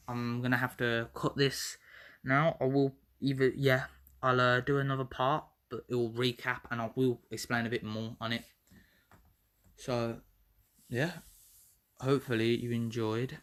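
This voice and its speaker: A man's voice: mid-range voice, a bit bright. A young man retelling a fan story in a rambling, self-correcting way, swearing freely as he goes. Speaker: vlogger.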